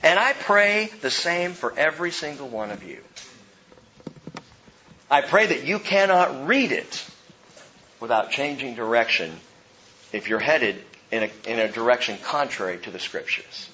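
A male pastor preaching a verse-by-verse sermon with emphasis, his voice rising and falling between soft and loud. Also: medium pitch, lively intonation, measured pace, long pauses, lo-fi sound, slight background noise.

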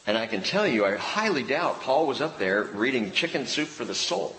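Man, pastor, preaching in a church hall. Animated, drops to hushed emphasis. Roomy reverb, faint ambience. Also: medium pitch, normal speed, hardly any pauses, slight background noise. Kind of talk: sermon.

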